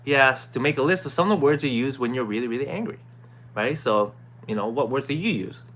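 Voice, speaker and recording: A man talks straight to his viewers in a relaxed, unscripted way as he sums up a self-help course. He keeps checking in with "right?" and "okay?" and clears his throat now and then. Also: mid-range voice, fast talker. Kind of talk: casual talking-to-camera recap.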